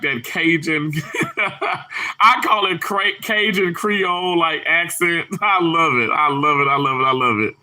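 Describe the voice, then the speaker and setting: Southern male livestream host, lively swooping delivery, bubbly and quick to laugh. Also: on the high side. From Mississippi. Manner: bubbly, laughs often, bursts into exclamations. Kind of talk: casual chat reading viewer comments.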